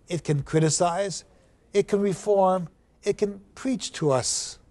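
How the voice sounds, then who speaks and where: A man giving a university lecture on poetry, reading verse aloud slowly and building emphasis on repeated words. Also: sits high, dark tone. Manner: slow, deliberate, reads verse aloud with rising emphasis. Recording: 2009 classroom lecture recording.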